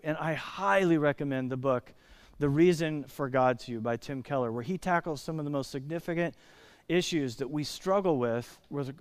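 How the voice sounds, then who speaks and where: Clear-voiced man preaching a sermon. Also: fairly high pitch, dry recording. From Indiana. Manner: emphatic, slows down to stress key words. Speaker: pastor.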